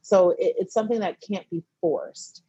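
A woman's voice: medium pitch, fairly even intonation, moderate pace, dark tone, slightly rough, no room sound, highs cut off. A woman television writer and producer chatting as a guest in an interview, telling stories animatedly and acting out what her friends say. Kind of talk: casual interview chat.

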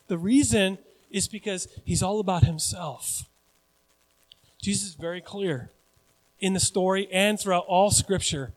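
A pastor in his forties preaching a sermon with animated, joking, self-deprecating asides. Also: high voice, normal speed, long reverb tail.

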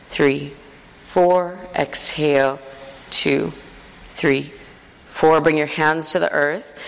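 A woman leading a live yoga class, guiding movement and counting breaths aloud in a relaxed way with frequent fillers. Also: fairly low pitch, big-room sound, poor audio. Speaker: yoga teacher. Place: yoga studio with a class present.

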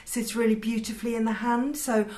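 A woman co-hosting a casual podcast chat, chatty and quick to laugh. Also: on the high side, steady tone, dark tone. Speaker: podcast co-host. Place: lived in Yorkshire.

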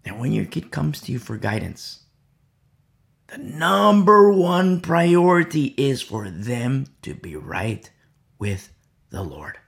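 A man preaching a Bible sermon, repeating key phrases, asking "You see?" and swinging between loud emphasis and quiet asides. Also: medium pitch, big pitch swings, slow, gravelly. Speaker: Bible teacher.

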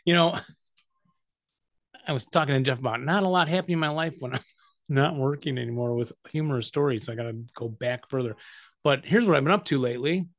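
A man's voice: mid-range voice, fast, no room sound. Easygoing middle-aged man, dry close sound. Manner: easygoing storyteller, laughs often. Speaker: podcast co-host. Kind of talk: casual chat.

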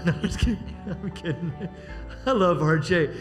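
High, fiery shouting preacher man. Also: expressive, moderate pace. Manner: shouting, call-and-response "amen?". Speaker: pastor. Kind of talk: preaching a sermon. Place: church sanctuary. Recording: reverberant hall with music.

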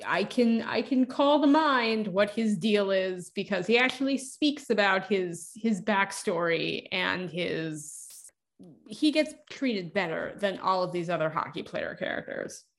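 Woman cohosting a podcast, middle pitch, wry and opinionated, casual chat. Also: very animated, a little slow. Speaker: podcast co-host.

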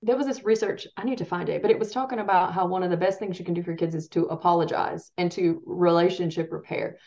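A woman's voice: lowish voice, steady tone, fast talker, darkish tone. A woman parenting coach talking casually in an interview, rambling and restarting her sentences and laughing at herself. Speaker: parenting coach and podcast guest. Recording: dull lo-fi sound.

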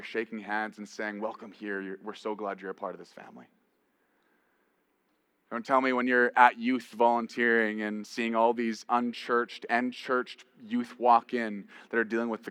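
A man preaching a sermon as pastor, rising to emphatic peaks and dropping to a quiet storytelling voice. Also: mid-range voice, clear, resonant tone, dry recording, studio quality.

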